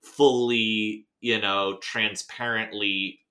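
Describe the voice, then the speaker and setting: A man's voice: fairly low pitch, steady tone, slow pace, sharp tone. A man co-hosting a casual chat about a story, rambling and correcting himself as he talks. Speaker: podcast co-host.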